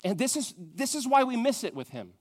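A man preaching a sermon, moving from loud emphatic questions to a soft, hushed tone. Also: extremely high pitch, big pitch swings, brisk. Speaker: pastor.

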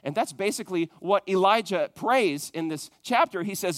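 Man, pastor, sermon; high-pitched voice, dry close recording, swings between loud emphasis and hushed lines, questions the congregation. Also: expressive, normal speed, few pauses, dry recording. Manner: dynamic preaching, rising to loud emphatic peaks and dropping to hushed tones; talks straight to the congregation with questions.

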